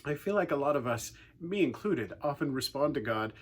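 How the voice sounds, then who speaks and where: Male youth speaker, husky, animated and wry storyteller. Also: mid-range voice, a little fast. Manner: animated storyteller, playfully sarcastic asides. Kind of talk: casual youth talk retelling a Bible story.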